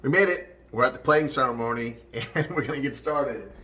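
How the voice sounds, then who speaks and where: A man's voice: mid-range voice, brisk, pushed and bright, reverberant. A man hosting a casual home cooking show, chatting straight to his viewers.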